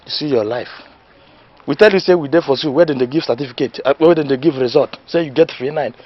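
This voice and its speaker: An actor with a Nigerian accent playing a boisterous village know-it-all who gives mock lessons and laughs mid-sentence. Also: male voice, medium pitch, fast talker, muffled recording, close to an everyday voice. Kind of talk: Nollywood comedy film acting. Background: faint background music.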